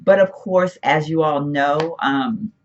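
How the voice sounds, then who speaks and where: A woman beauty vlogger chatting casually about her makeup at home, rambling and self-interrupting, her voice hoarse and cracking. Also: deep voice, takes it slowly, lo-fi sound. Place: room at home, once a bedroom.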